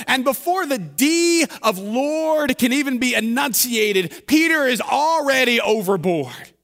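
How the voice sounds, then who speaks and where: A man's voice: very high voice, animated, normal speed, a bit bright. A man pastor giving a sermon in a conversational, humorous storytelling manner. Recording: long hall reverb.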